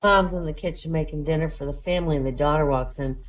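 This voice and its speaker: An older woman hosting a casual online comedy hour, telling one short joke after another. Her voice sits somewhat low, and she snaps into high squeaky voices when quoting her characters. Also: poor audio. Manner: brisk punchline delivery, jumps into high voices for characters. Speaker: comedy show host telling jokes. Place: home, online voice chat.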